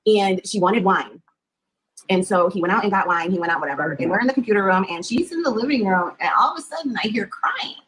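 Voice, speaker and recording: Woman, husky, very fast talker, dramatic, rambling, podcast storytelling. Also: mid-range voice, expressive, a bit bright, low-quality recording. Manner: rambling, dramatic, swears freely. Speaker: podcast guest telling her story. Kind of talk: candid storytelling chat.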